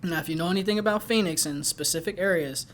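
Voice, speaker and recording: A man's voice: high voice, fast talker, noisy background. Upbeat young man in casual chat. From Ohio. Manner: upbeat, laughs often, restarts phrases. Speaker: podcast co-host.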